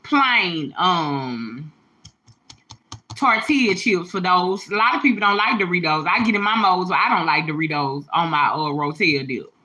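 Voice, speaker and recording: A woman's voice: fairly low pitch, expressive, normal speed, sharp tone. A woman talking casually and emphatically to her viewers on a livestream, a mother speaking with slangy directness and some tears in her voice. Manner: emphatic, heartfelt, slangy, talks straight to viewers. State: a little teary.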